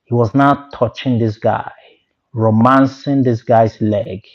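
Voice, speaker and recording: A man with a Nigerian accent telling a story in a casual, animated way, with laughs and Pidgin asides. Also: mid-range voice, slow pace. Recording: lo-fi dull sound.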